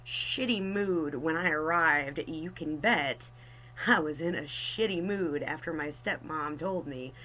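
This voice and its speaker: Wry, chatty young woman with a bright edge. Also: low-pitched, a little slow, a little hiss or hum, poor audio. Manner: chatty, wry and self-mocking. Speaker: artist storyteller. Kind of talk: casual personal storytelling.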